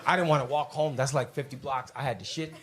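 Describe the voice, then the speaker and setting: A man's voice: mid-range voice, steady tone, fast talker, noisy background. A man doing a stand-up comedy set, telling crude stories brashly and putting on voices for the people in them. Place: comedy club stage with live audience.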